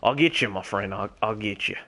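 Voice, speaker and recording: Using a fake Australian accent, this young streamer plays a game in character, talking a little fast in a lowish register. He swears heavily, rambles, and calls out loudly to the other players.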